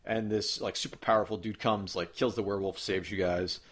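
A man's voice: fairly low pitch, fairly even intonation, brisk, fairly bright tone. A man in casual podcast chat, rambling enthusiastically as he retells a video game and swears casually.

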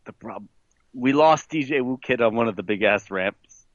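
A man's voice: mid-range voice, expressive, moderate pace, no echo, lightly acted. Guy doing a smug wedding planner caller, bragging, dull dry lo-fi sound. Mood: boastful. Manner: boastful, keeps saying "let me tell you something". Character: smug male video game wedding planner. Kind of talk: comedic improv character.

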